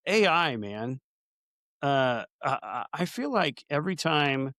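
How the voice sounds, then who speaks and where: A man's voice: medium pitch, big pitch swings, slow pace, bright, forceful tone, dry recording, clean studio sound. A man co-hosting a casual podcast, chatty and anecdotal, building vivid comparisons as he talks. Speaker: podcast co-host.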